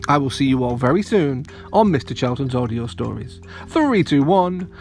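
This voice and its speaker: A man narrating a storybook for children, expressive and speaking straight to young listeners. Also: mid-range voice, brisk, vocal fry, faint music behind. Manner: expressive, addresses children directly. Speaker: storyteller host.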